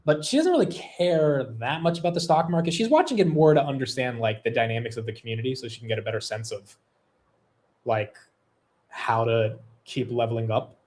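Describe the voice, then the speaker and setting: A man's voice: mid-range voice, fairly quick, darkish tone. A young man hosting a long livestream, chatting casually, rambling, swearing loosely, and reading out viewer super chats. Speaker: livestream host.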